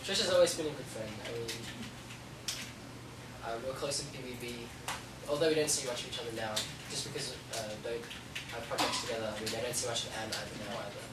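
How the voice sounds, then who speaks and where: A man's voice: medium pitch, fast. A young man with an Australian accent, a guest in a casual chat, answering hesitantly and searching for words. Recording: echoey room, distant mic, noisy.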